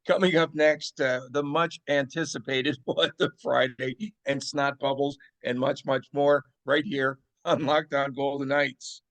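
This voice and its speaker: A man's voice: medium pitch, fairly even intonation, a little slow, hardly any pauses, a bit bright. A man hosting a sports podcast in a playful, teasing way, often mock-outraged. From Las Vegas. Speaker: podcast host. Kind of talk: casual sports podcast chat.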